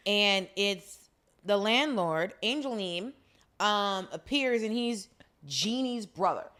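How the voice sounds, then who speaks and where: A woman co-hosting a podcast, adding quick asides and agreement in casual chat about a drama. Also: medium pitch, animated, a bit bright. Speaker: podcast co-host.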